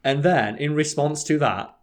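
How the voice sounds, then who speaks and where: A man's voice: a little high, a little slow. A man in casual chat, swearing often and acting out quotes.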